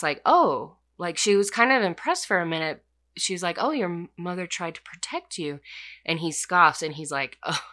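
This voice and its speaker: A young woman talks through a fantasy book's plot in a loose, casual recap, peppering it with "like" and quick asides. Her voice sits a little low but sounds bright and forward. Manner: chatty, filler-heavy retelling with lots of "like". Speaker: book reviewer.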